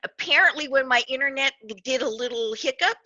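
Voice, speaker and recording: An older woman hosting a live online talk show, explaining ideas in an animated way and correcting herself as she goes. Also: high-pitched, a little fast, dry recording. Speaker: host. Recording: dull, dry online stream audio.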